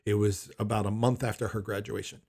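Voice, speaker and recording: A man's voice: fairly low pitch, flat delivery, a little fast, a little mellow. A middle-aged man telling a personal anecdote in an emphatic, incredulous way. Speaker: storyteller.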